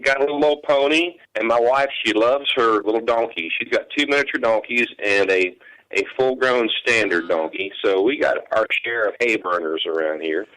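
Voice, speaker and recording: A man's voice: medium pitch, moderate pace, fairly bright tone, rough recording. A man, a country musician and hay farmer, talking in a radio interview in an easygoing, rambling way. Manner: easygoing, rambling, many restarts.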